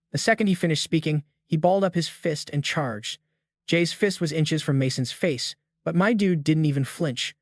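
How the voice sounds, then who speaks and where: A man's voice: fairly high pitch, normal speed, no room sound, clean studio sound. A man narrating a story recap in a scripted, slang-heavy style with jokey asides.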